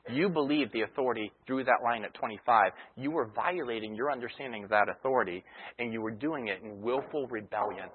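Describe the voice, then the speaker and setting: A man's voice: medium pitch, a little fast, a little hiss or hum. A male pastor preaching a sermon in a conversational teaching style, using everyday illustrations, heard over a tinny broadcast line. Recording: tinny phone-like radio broadcast.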